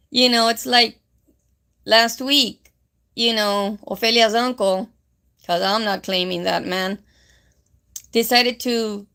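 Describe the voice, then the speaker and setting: A woman hosts a live stream, telling a story in a rambling, chatty way full of fillers. Her voice sits somewhat high and has a gravelly, fry-filled texture. She slips Spanish phrases into her English. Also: fairly bright tone. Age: 50s.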